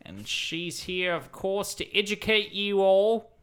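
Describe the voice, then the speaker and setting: Man doing a school principal, Australian accent, crude, swearing, bright voice. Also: high voice, slow pace, clean tone, pitched above the performer's own voice. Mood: gruff. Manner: swearing, bossy. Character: crude foul-mouthed male school principal. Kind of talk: tabletop role-play comedy.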